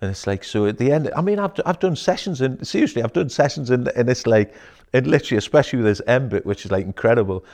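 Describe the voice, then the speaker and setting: A man, a coach, chatting casually as a guest in an interview, animated and sweary, dropping "aye" and "mate.". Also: mid-range voice, fast, hardly any pauses. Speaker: guest, emotional intelligence coach. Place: wellness centre.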